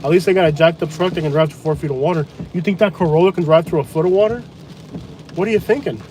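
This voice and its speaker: High-voiced man mocking drivers in a storm. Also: quick pace. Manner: blunt, mocking, excitable. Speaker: storm-chasing vlogger. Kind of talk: live storm commentary. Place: inside a truck during a hurricane. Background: rain and wind.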